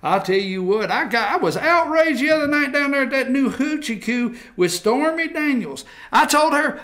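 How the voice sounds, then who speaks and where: A rowdy, leering good ol' boy hollers in a high, bright drawl, as a man puts him on. His voice is tense and cutting. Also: full character voice. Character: rowdy Texas man yelling at a stripper.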